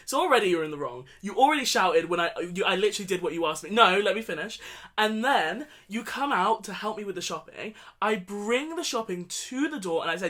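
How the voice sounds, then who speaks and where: A woman's voice: mid-range voice, a little fast. A woman co-hosting a podcast, retelling an argument in casual sibling banter and laughing often. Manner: animated, laughs often, interrupts and retells events with quoted dialogue. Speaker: podcast co-host.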